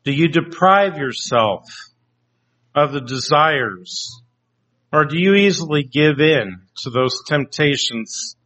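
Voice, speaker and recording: A man preaching a sermon, slow and deliberate, often putting questions to his congregation. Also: fairly high pitch, expressive, a bit bright. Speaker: pastor. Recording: dull lo-fi recording.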